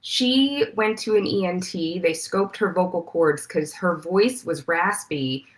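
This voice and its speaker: A woman reporter being interviewed as a guest, explaining her investigation in a clear, steady way. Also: fairly low pitch, a little slow. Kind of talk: interview answers.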